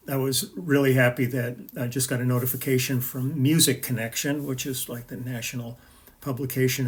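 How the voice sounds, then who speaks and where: An older man talking casually to his viewers, telling rambling stories full of fillers and restarts. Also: mid-range voice. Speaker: session bassist and video host. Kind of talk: casual chat to camera.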